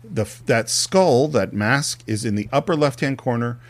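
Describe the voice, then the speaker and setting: A man's voice: medium pitch, measured pace. A man co-hosting a film podcast, retelling scenes and acting out bits of dialogue in casual discussion.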